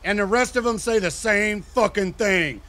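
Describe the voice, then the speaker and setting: A man's voice: sits high, normal speed, pushed and bright. A man in a game role-play, telling a joking, profane story in a casual, chatty way.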